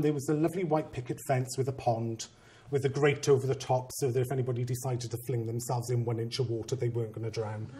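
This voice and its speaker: At a conference, a male head teacher tells a story in a medium-pitched voice. He keeps it humorous, adding animated, self-mocking asides.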